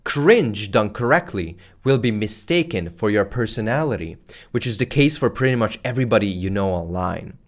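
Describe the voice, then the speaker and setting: A YouTube creator with a lowish voice teaches video creators strategy in an energetic talking-head lesson, loud, playful, and deliberately exaggerated. He speaks close to a microphone facing the camera, animated, casual, and slangy with over-the-top excitement.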